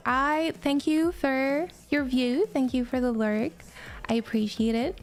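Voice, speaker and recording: A woman's voice: high-pitched, steady tone, moderate pace. A woman with a Quebec French accent, a native French speaker, chatting casually on a livestream, greeting and thanking viewers between stories.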